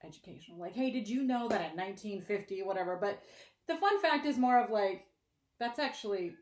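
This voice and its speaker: A woman's voice: medium pitch, a little fast, slight background noise. A woman co-hosting a podcast, chatting casually and telling stories with acted-out quotes. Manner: animated storyteller who acts out quotes. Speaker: podcast co-host. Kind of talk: casual chat. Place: warm indoor room. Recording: roomy echo.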